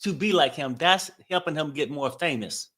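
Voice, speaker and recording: A man's voice: fairly high pitch, normal speed, pushed and bright. A man co-hosting a casual chat, laid-back, mostly giving short replies and agreeing. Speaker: co-host.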